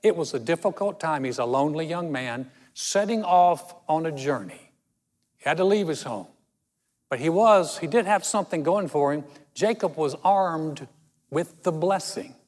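Storytelling pastor in a reverberant hall. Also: male voice, a little high, animated, a little mellow. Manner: storytelling, conversational with dramatic slow emphasis. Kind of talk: sermon.

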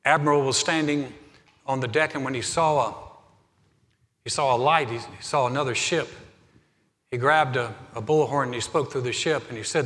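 A male pastor preaching a sermon in a church sanctuary, building to fervent emphasis and then softening into quiet prayer. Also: medium pitch, moderate pace. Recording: long hall reverb, faint music.

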